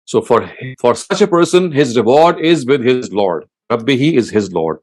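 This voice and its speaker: A man's voice: medium pitch, animated, darkish tone. Man teaching scripture word by word. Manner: translating word by word, slow and deliberate; recites Arabic verses in quick chant. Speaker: lecturer.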